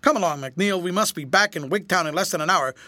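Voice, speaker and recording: A man's voice: high voice, fast, sharp tone, dry recording. A man voicing an agitated older general who speaks in a quivering, gasping voice. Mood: relieved, nervous. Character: agitated older male general, terrified and quavering.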